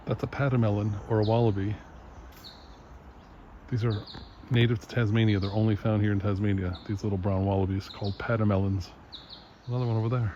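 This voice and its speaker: A man's voice: on the low side, fairly even intonation, brisk, pauses often, dull audio. A recently retired man in his sixties, chatting upbeat and self-deprecating as he narrates his travels on a handheld camera outdoors. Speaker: travel vlogger. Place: outdoors on a road trip and boat tour. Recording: loud outdoor wind and vehicle noise.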